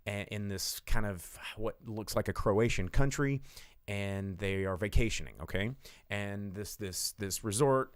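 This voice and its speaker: A man's voice: fairly low pitch, clear, resonant tone, no echo, studio quality. A man hosting a show, casually recapping a film plot in a rambling, irreverent way with some swearing. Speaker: podcast host. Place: home studio.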